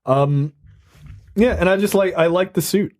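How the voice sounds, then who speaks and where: Easygoing male co-host, slightly high voice. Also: unhurried, a little mellow. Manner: easygoing, hesitant with fillers and repeats. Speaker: podcast co-host. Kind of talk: casual chat.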